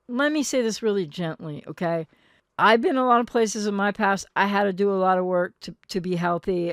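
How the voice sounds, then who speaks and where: Older lady therapist talking to camera, gentle and earnest, dead dry close sound. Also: mid-range voice, no room sound. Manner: earnest and gentle, acts out quoted partners. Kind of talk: advice monologue to viewers.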